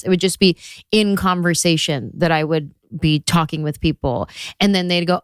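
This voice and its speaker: Lively woman comedian, dry sound. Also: fairly low pitch, moderate pace, clean tone, dry recording. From California, USA. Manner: animated storyteller who slips into character voices. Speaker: guest comedian. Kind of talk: casual storytelling interview.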